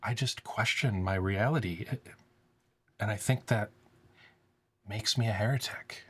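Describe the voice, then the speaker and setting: A man voicing a frightened, self-doubting young woman who speaks in halting, anxious phrases in a tabletop game. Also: on the low side, a bit bright, slightly rough. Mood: uneasy.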